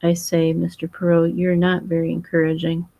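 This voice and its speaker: A woman's voice: lowish voice, monotone, moderate pace, vocal fry, mellow, no echo, poor audio. A woman voicing an earnest, boyish young English husband who talks frankly and eagerly.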